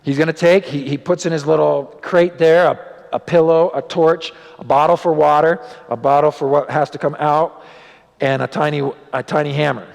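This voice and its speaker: Guy pastor telling a story at church, gravelly voice, rises up and drops low, big echoey hall. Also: normal speed. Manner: animated storyteller, voice rising and dropping for drama. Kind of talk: sermon storytelling. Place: church sanctuary. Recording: long church hall reverb.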